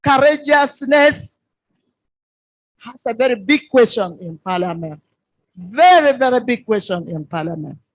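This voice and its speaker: A woman speaks from the floor with a high voice, slowly and insistently. She repeats her key phrases for emphasis. The sound is dry and close. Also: animated, no room sound, rough recording. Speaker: member of parliament. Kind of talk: workshop floor contribution.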